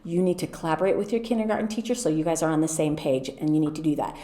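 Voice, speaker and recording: A middle-aged American woman explaining classroom routines to teachers in a clear, patient way, sounding out words slowly. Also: low voice, warm tone. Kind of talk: teacher training presentation. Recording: echoey room.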